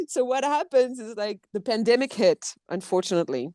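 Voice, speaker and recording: A woman from France with a French accent, a voice director and actor talking as a podcast guest in a lively, expressive way, acting out quotes. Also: on the high side, fairly quick, few pauses, dry recording, studio quality. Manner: animated, expressive, acts out quotes. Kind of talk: casual interview chat.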